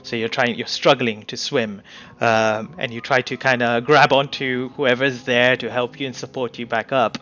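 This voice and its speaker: A man's voice: medium pitch, little pitch movement, normal speed, sharp tone. A man running a tabletop game as game master, narrating loosely with many fillers. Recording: slightly dull mic with faint music.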